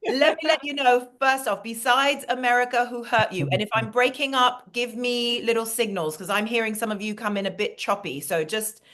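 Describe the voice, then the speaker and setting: A woman's voice: a little high, fairly even intonation, fairly bright tone. A woman from Queens with a New York accent, giving a playful comedic monologue over a video call. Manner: playful, quick banter with asides.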